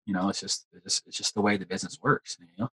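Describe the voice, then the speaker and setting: Young actor guest, husky and slightly low, loose rambling delivery. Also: male voice, fairly even intonation, fast, sharp tone, poor audio. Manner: rambling, repeats words, says "like" and "you know" often. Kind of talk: casual interview chat.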